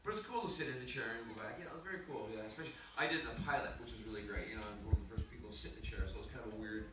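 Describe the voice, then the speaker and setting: A man's voice: fairly low pitch, very fast. Chatty Scottish-born man, echoey hall. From Scotland. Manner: chatty storyteller, many restarts. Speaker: panel guest. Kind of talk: convention panel anecdote. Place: large convention hall. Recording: echoey hall, distant mic, background noise.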